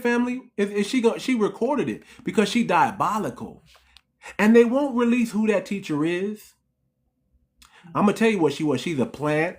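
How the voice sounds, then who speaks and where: Speaking at a normal pace in a sing-song, middle-pitched voice, a channel host delivers an impassioned commentary. It's heated and repetitive, with frequent emphatic restarts, and the host keeps asking viewers rhetorical questions while calling them family.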